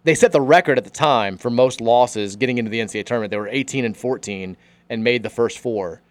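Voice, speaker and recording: A man hosting sports talk radio, reading listener texts and arguing about college basketball coaches. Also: medium pitch. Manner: reads listener texts aloud, fast and argumentative.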